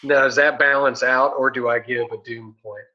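A man's voice: mid-range voice, steady tone, normal speed, highs cut off. A man playing a tabletop game, chatting casually and thinking aloud as he counts his dice.

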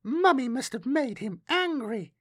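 Casual: guy doing a creepy little girl voice, way up high and soft, slow and knowing, dry close sound. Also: animated, husky, dry recording, full character voice. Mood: eerie calm. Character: eerie little girl, young, small, uncanny calm. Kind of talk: audiobook character voice.

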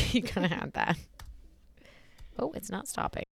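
A woman's voice: medium pitch, expressive, a little slow, vocal fry, slightly rough, dry recording. A young adult woman co-hosting a podcast in casual, crude, teasing chat, often laughing. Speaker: podcast co-host.

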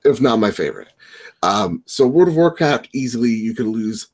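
A man's voice: medium pitch, very animated, moderate pace. A young man co-hosting a gaming podcast, easygoing and agreeable in casual chat. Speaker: podcast co-host.

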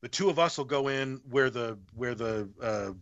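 This man has a mid-range voice and a moderate pace, recorded dry on somewhat muffled podcast audio. As a guest in casual chat, he animatedly recounts a story, cursing freely and performing other people's lines.

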